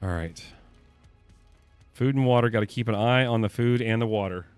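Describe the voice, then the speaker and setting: Cursing and panicking, the young man talks to his chat while streaming a survival game, with faint game music in the background. His fairly low voice is smooth at a normal speed, and there's no room sound.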